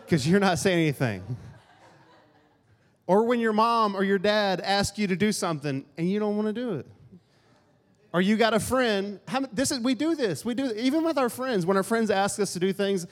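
Male pastor, casual joking sermon, slightly high voice, long hall reverb. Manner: joking, conversational, acts out grumbling asides.

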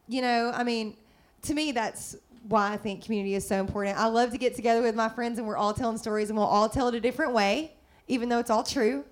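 A middle-aged woman, chatting warmly and upbeat with lots of fillers in a faith-based talk. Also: a little high, fast. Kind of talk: casual faith-based chat.

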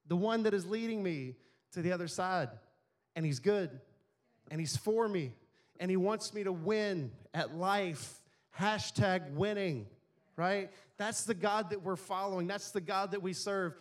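Conversational pastor, man, higher voice. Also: moderate pace. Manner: conversational, asks the congregation questions. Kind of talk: sermon.

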